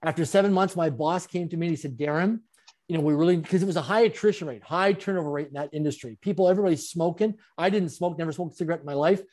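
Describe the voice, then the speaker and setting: Fast-talking man telling stories. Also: on the high side. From Canada. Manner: animated, chuckling storyteller. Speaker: interview guest, speaker. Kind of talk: storytelling interview.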